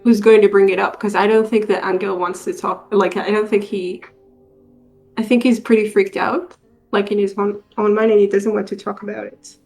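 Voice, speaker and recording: Gravelly-voiced chatty female player. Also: medium pitch, little pitch movement, normal speed, darkish tone, faint music behind. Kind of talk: tabletop game play.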